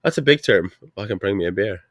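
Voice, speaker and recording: A man's voice: lowish voice, animated, fast, no room sound, studio quality. A man hosting a casual podcast chat, rambling and profane, often restarting and repeating himself.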